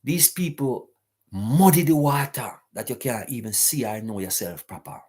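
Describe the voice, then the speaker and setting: Husky man preaching. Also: medium pitch, moderate pace, darkish tone. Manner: preachy, emphatic, repeats rhetorical questions. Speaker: host of a live talk stream. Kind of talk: live-stream talk, answering chat.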